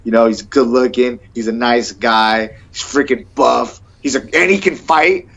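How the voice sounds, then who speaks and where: Eager rambling young fighter, lo-fi sound. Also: male voice, mid-range voice, unhurried, vocal fry, a bit bright. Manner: eager, rambling, says "bro" and "man" a lot. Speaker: MMA fighter guest. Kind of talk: casual interview chat. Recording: dull lo-fi sound.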